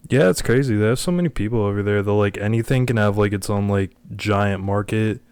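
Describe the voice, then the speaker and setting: A man's voice: fairly low pitch, brisk, a little mellow, clean tone, no echo. A young man co-hosting a podcast in casual chat, crude and full of "like" fillers. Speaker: podcast co-host.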